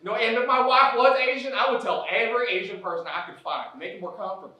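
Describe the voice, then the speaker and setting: Man doing a folksy Southern principal, loud and high, eager to please, live stage echo from afar. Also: fast, crowd noise, close to an everyday voice. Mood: jovial. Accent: Southern US put-on. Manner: hearty, booming, awkwardly over-friendly. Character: folksy clueless white male high school principal. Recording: echoey stage from a distance.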